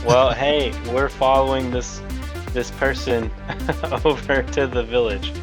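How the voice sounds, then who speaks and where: A man's voice: medium pitch, flat delivery, slow, music in the background. A man playing in a tabletop game, laughing and playful as he describes his moves. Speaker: player. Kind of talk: in-character tabletop play.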